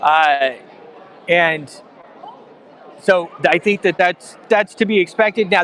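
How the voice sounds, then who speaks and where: A man's voice: a little high, a bit bright, a little hiss or hum. A man hosting a live stream from a conference, talking in a rambling way with many fillers and restarts. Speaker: livestream host. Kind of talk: live event stream commentary. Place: outdoors at a conference venue.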